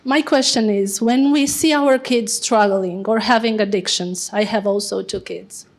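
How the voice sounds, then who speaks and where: A woman in the audience asks a question, emotional and halting, searching for her words. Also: mid-range voice. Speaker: audience member asking a question.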